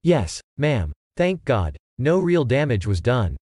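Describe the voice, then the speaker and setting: A man's voice: mid-range voice, very animated, takes it slowly, darkish tone, dry recording, clean studio sound. A man voicing an earnest, long-winded male baby photographer in a read-aloud joke, talking matter-of-factly like a salesman.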